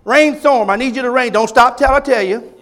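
Preacher voicing God, barking brisk weather orders. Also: male voice, very high voice, fairly bright tone. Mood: commanding. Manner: brisk, matter-of-fact orders. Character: commanding male God ordering storms about.

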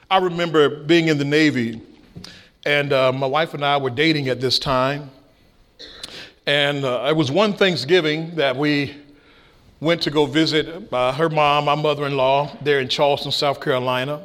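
A middle-aged man preaching a sermon, with shouted peaks and folksy stories. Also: on the high side. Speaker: pastor.

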